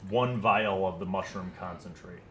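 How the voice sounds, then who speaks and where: A young man playing a rogue in a tabletop game, wry and scheming, with halting restarts. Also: low-pitched, very noisy. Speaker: player. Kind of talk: casual tabletop play.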